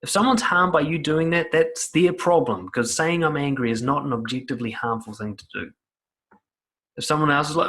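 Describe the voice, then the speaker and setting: A man's voice: medium pitch, brisk, fairly bright tone. A man giving blunt, profane self-help advice straight to the listener. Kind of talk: direct-to-camera advice talk.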